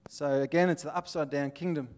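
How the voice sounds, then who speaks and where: Casting: Australian male preacher, plainspoken and earnest, voice slightly high. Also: steady tone, a little fast, a little mellow. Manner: earnest, plainspoken, acts out little scenes. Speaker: pastor. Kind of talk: sermon.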